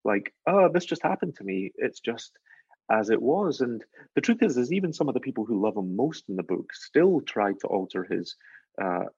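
Glaswegian man with a husky low voice. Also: expressive, darkish tone, no room sound, highs cut off. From Scotland. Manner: thoughtful, measured, earnest. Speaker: author guest. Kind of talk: reflective interview talk.

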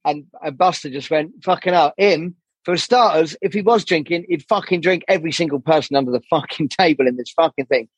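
A man's voice: on the high side, brisk, breathy edge, dry recording, muffled recording. A man as a podcast guest, talking candidly and rambling, swearing often and acting out the people he quotes. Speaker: podcast guest, jazz saxophonist.

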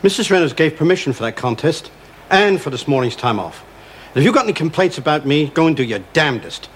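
A man's voice: a little high, sing-song, fast, slight background noise. Kindly protective man. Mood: angry. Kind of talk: television soap acting.

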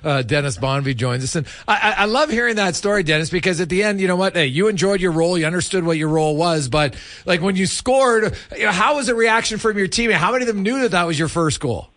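A high-pitched man hosting a sports podcast, introducing his guest and then asking upbeat follow-up questions. He sounds enthusiastic as he talks. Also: expressive, fast talker, few pauses, fairly bright tone. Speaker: podcast host.

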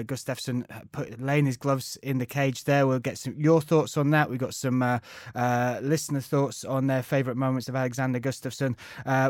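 A man's voice: mid-range voice, no room sound. Joking man in his forties, dry studio sound. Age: 40s. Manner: jokey, rambling banter. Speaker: podcast host. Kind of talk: casual chat.

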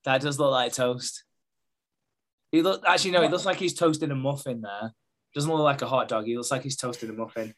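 A man's voice: mid-range voice, brisk, fairly bright tone. Rambling man recapping episodes. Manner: rambling, laughs often, acts out characters. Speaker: podcast co-host. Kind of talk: casual chat recapping a series.

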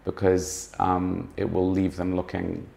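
Deep gravelly-voiced male fashion critic. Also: completely flat delivery, measured pace, a little mellow. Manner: musing, circling back to rephrase his points. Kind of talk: conversational interview.

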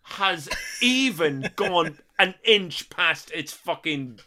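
A man's voice: on the high side, lively intonation, slow pace, pushed and bright. A middle-aged Scottish man co-hosting a casual chat, ranting animatedly and swearing freely.

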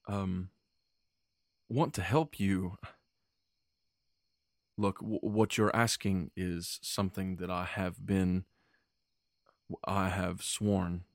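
A man's voice: low voice, dry recording, clean studio sound. Man doing a stammering elf noblewoman. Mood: nervous. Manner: halting, stammering, evasive. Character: hesitant noble wood elf woman.

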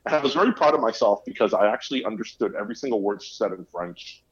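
A man's voice: on the low side, animated, fast talker. Rambling male podcast co-host, lo-fi. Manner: rambling, many fillers and restarts. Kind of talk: casual chat.

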